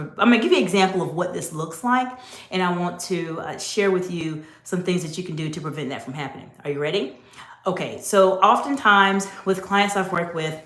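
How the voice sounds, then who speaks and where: A woman executive coach giving an instructive talk, speaking directly and emphatically to the viewer. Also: fairly low pitch. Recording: roomy echo.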